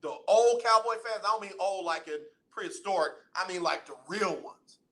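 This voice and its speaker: High, bright-voiced teasing radio host. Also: male voice, normal speed. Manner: loud, preachy, teasing banter. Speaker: radio sports talk host. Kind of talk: sports radio talk. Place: radio studio.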